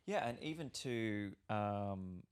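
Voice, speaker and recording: A young Australian actor talking casually on a podcast, rambling and swearing freely with lots of restarts. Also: male voice, on the low side, animated, takes it slowly, clear, resonant tone.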